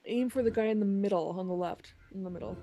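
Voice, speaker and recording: Woman, tabletop player, mid pitch, hesitant with many ums, faint hiss. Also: fast talker, mellow, highs cut off. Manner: hesitant, many ums while searching for words. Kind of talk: casual play at the table.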